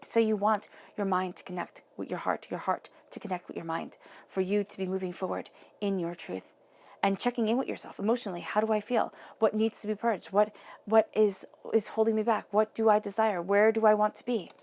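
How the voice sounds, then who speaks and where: A woman's voice: medium pitch, steady tone, fairly quick, gravelly, a little mellow. A woman giving a tarot reading, talking earnestly and directly to the viewer in a casual, conversational way. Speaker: tarot reader.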